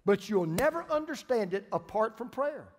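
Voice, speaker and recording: Preacher, male, middle-aged, somewhat high voice, emphatic with hushed drops, long hall echo. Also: very animated, normal speed. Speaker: pastor. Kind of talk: sermon. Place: church sanctuary.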